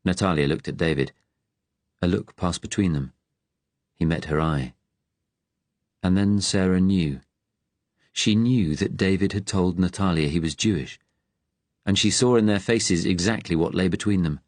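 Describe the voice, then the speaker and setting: A man narrating an audiobook in a measured, even tone. His voice is very low and deep, recorded close in a dry, dead space. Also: no echo.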